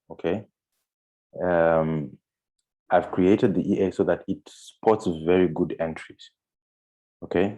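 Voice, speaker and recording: A trading instructor with a low, warm voice walks through on-screen steps in a screen-share tutorial. He uses frequent fillers and restarts as he goes.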